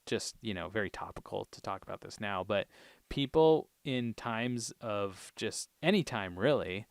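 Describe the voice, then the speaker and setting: A man co-hosting a podcast, casually recapping TV episodes in a relaxed, rambling way with plenty of ums and uhs. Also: lowish voice, a little slow, vocal fry, no echo, studio quality. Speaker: podcast co-host.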